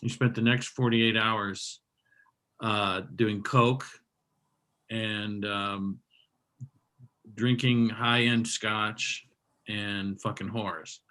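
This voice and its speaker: Bright-voiced, bantering comedy host man. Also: fairly low pitch, flat delivery, drawn-out words, pauses often, low-quality recording. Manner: loud, laughing, teasing banter.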